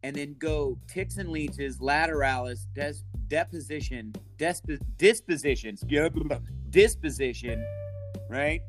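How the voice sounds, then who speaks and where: Man, slightly high voice, animated profane podcast chat, faint guitar behind. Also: a little slow. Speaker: podcast co-host. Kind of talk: casual chat.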